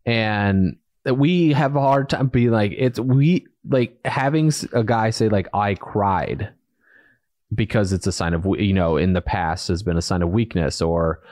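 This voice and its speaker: A man's voice: on the low side, moderate pace, few pauses, darkish tone, no room sound, studio quality. A man in his forties co-hosting a podcast, talking in an easygoing, joking way with rambling restarts. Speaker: podcast co-host. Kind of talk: casual podcast chat.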